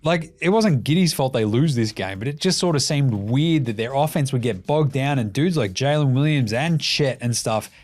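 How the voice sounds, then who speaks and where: A man's voice: mid-range voice, expressive, moderate pace, few pauses, a little mellow, faint music behind. A young adult man with an Australian accent hosting a basketball podcast, ranting in casual commentary with lots of swearing and sarcastic jokes.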